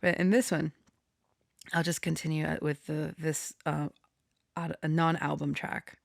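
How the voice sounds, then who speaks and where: Slow, gravelly-voiced woman rambling. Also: low-pitched, little pitch movement, no room sound, studio quality. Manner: rambling, giggly, trailing off. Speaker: tarot channeler and storyteller. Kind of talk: casual chat reading out musical lyrics.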